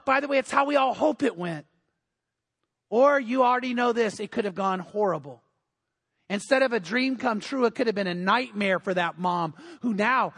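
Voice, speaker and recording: A male pastor preaching a sermon, telling a story earnestly, hushing in tender parts and rising when urging. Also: very high voice, slightly rough, long reverb tail. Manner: earnest, drops to a hush in tender moments, rises when urging.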